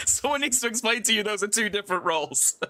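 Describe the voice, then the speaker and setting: Casting: man, high and very bright voice, hesitant, giggly creator answering fan questions. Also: expressive, fast. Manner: hesitant, lots of fillers and giggles. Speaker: show creator and game master. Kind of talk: casual livestream chat.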